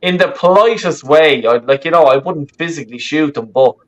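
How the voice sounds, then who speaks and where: A man's voice: on the high side, normal speed, muffled recording. A man with a Dublin Irish accent hosting a live call-in chat, blunt and repetitive, talking over a video call. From west of Ireland. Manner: blunt, swearing, repeats himself. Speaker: host.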